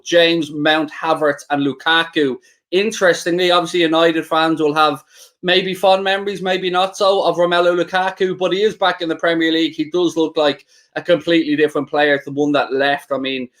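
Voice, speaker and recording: A man's voice: a little high, fairly bright tone. A man co-hosting a live football watchalong in a chatty, bantering way, reading out viewer comments. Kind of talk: live stream football chat.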